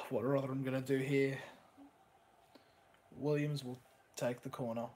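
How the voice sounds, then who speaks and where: This young man's medium-pitched voice moves at an unhurried pace while he hosts a live stream. He gets excited over a football match, reads chat messages aloud, and swears casually.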